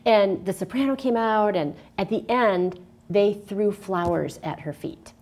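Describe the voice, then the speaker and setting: Speaking a little slowly in a medium pitch, a former opera singer tells stories during a casual interview in a local cable TV studio. She acts out the voices in them and sings short snippets, storytelling with lots of animation.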